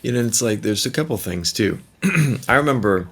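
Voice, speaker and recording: A man's voice: mid-range voice, expressive, normal speed, a bit bright, husky. A middle-aged man hosting a podcast, chatting casually, rambling and jokey with frequent restarts. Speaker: podcast host. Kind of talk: casual conversation.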